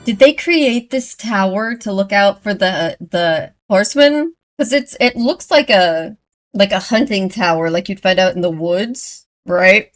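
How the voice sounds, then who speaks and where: Over faint music and the movie's audio, a medium-pitched woman reacts to a film she's seeing for the first time. Her casual talk turns gushing and heated, and she's quick to say sorry afterward.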